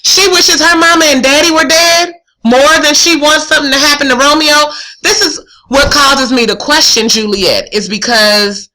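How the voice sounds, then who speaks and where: A woman teacher walks through a play in a casual, questioning way, thinking aloud. Her voice is high and bright, and her tone is conversational rather than lecturing. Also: poor audio. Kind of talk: thinking-aloud literature lesson.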